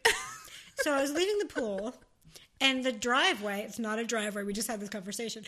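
A woman's voice: on the high side, fast, a bit bright. A woman from New Jersey co-hosting a podcast, chatting candidly and joking with frequent swearing. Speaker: podcast co-host. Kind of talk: casual podcast chat.

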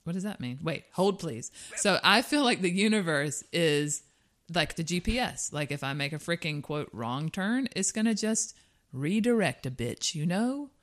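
A young adult woman with a notably low voice talks through life lessons in a relaxed podcast chat. She is candid and quick to laugh, and she swears casually. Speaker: podcast co-host.

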